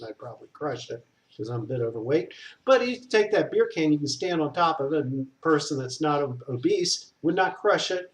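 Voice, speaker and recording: A man, a structural engineer talking bluntly and digressively in a casual explanatory monologue. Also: mid-range voice. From Southern US.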